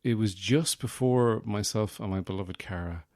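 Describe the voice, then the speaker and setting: A man hosting his own podcast, rambling through a deadpan comic monologue full of mock bragging and fillers. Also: lowish voice, moderate pace, no room sound, studio quality. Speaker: podcast host, comedian.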